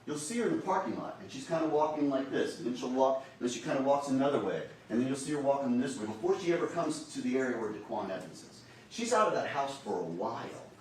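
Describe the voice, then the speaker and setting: A man delivers a prosecutor's closing argument, urging the jury and driving his points home through repetition. His voice sits at an ordinary pitch for a man. It is heard from some distance in a very echoey courtroom with faint background noise. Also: sing-song, fast talker, few pauses. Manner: urges and repeats to the jury.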